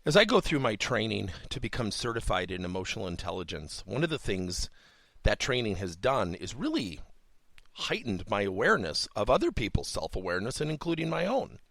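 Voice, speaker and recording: Gravelly man telling a workplace story. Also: on the low side, brisk, dry recording. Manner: expressive storyteller with rhetorical questions. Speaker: workplace coaching podcast host. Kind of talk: podcast storytelling.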